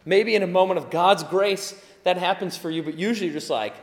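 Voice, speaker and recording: A man's voice: high voice, brisk, few pauses. Male preacher, light upper voice, chatty sermon delivery, reverberant hall. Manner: conversational, acts out quoted voices.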